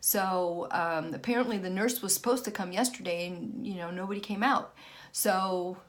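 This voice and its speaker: A middle-aged woman vlogging casually, frazzled and frustrated, stopping and restarting her sentences. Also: medium pitch. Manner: frazzled, halting, many restarts. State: worn out and frustrated. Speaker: vlogger and author. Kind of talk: casual personal vlog.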